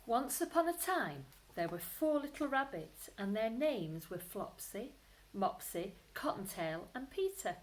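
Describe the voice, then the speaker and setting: Expressive woman reading a bedtime story. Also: on the high side, measured pace, few pauses, rough recording. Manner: expressive, with whispered asides. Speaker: primary school teacher.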